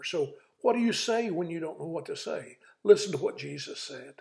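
Man, pastor-host, mellow and gravelly, earnest devotional delivery. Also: on the high side, lively intonation. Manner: earnest, reads scripture slowly and with emphasis; folksy, frequent "uh" fillers. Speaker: pastor hosting a daily devotional. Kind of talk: devotional talk.

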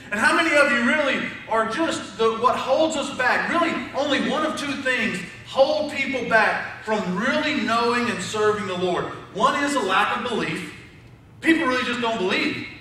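A man's voice: very high-pitched, animated, moderate pace, pushed and bright, slight background noise. A man preaching a sermon to his congregation in a conversational, joking way. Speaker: pastor. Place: church sanctuary. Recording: echoey church from far off.

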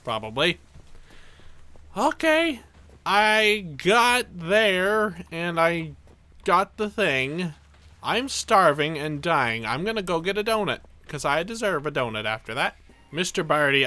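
A young man giving excitable let's play commentary, narrating his own moves with dramatic panic. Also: mid-range voice. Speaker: gameplay commentator.

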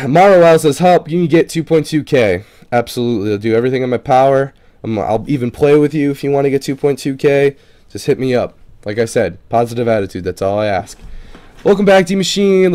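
A man with a medium-pitched, darkish voice casually goes through viewer comments for his gaming channel. He curses freely in a loose, profane manner and trips on unfamiliar names.

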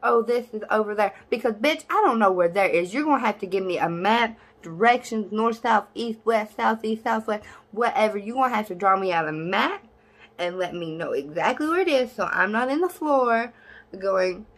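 A young woman vlogging in a casual, blunt and sassy way, cursing freely, with her voice jumping high when she is exasperated. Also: expressive, moderate pace. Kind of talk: casual talk to camera.

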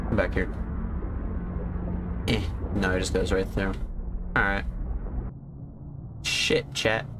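A man giving casual, profane commentary while streaming a video game, reacting loudly when surprised. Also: fairly low pitch. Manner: swearing, animated, jumps to yelps when surprised. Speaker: gaming streamer.

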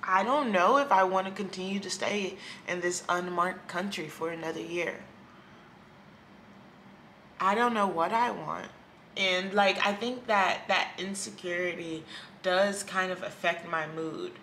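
A woman's voice: lowish voice, measured pace, fairly bright tone, a little hiss or hum. A woman vlogging candidly at home by a window, talking in a reflective, rambling and hesitant way. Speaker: YouTuber. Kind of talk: candid personal vlog. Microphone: camera.

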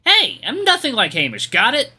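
A man's voice: extremely high pitch, wildly swooping pitch, moderate pace, sharp tone, slightly rough, faint music behind, pitched above the performer's own voice, exaggerated voice. A man doing a sarcastic sulky young hyena. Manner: sarcastic, whiny. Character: snarky young male hyena son, sulky.

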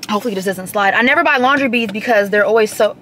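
A woman's voice: mid-range voice, very fast, background noise. A woman in her twenties talking casually while vlogging, chatty and joking as she tells stories. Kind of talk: casual chat.

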